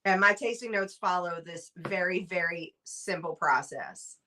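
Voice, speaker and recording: A woman's voice: on the low side, measured pace, pushed and bright, slight background noise. A woman guest on a live tasting stream, playful and teasing about her own short notes. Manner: self-mocking, playful. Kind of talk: casual tasting chat.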